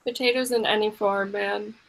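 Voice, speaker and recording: A woman's voice: medium pitch, steady tone, moderate pace, gravelly, a bit bright, low-quality recording. A woman hosting a casual chat, easygoing and encouraging, often laughing. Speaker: host.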